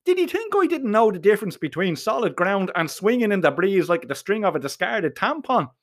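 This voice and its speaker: A man with an Irish accent telling a comic first-person story in a profane, colloquial and animated way. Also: high-pitched, brisk. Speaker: narrator.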